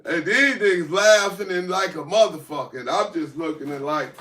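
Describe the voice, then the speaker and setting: A man telling a rambling, profane story in a casual, animated way. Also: high-pitched, moderate pace, few pauses. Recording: echoey room, far from mic, faint noise.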